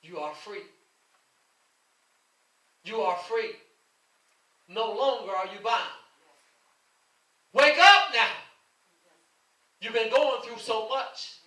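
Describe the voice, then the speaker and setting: Speaking slowly with frequent pauses, a pastor whose voice sits high and a bit bright gives a fervent sermon in a church sanctuary. He repeats his calls with passion, and the distant recording picks up the room's echo.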